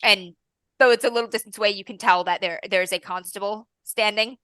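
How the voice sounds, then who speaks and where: A woman narrating a tabletop game as game master, descriptive and quick to laugh. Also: medium pitch, steady tone, sharp tone, clear, resonant tone, no room sound.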